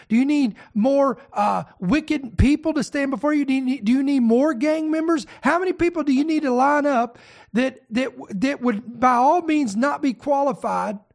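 High-pitched fervent preacher. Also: vocal fry. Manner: fervent, exhorting, repeats short rallying phrases. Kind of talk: broadcast sermon. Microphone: camera broadcast.

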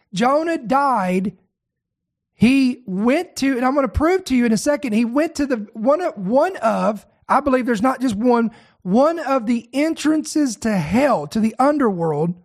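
Man preaching a Bible teaching. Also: very high-pitched. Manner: slows to stress key words, then speeds up; reads scripture aloud and breaks in with comments. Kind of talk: sermon teaching on scripture.

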